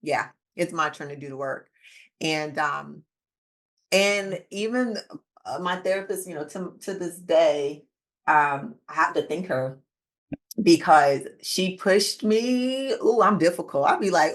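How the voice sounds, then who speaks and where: A woman in her thirties hosting a casual interview, telling a personal story in an animated way and acting out what people said. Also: slow pace. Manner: animated storytelling, acting out quoted lines with big pitch jumps. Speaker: podcast host.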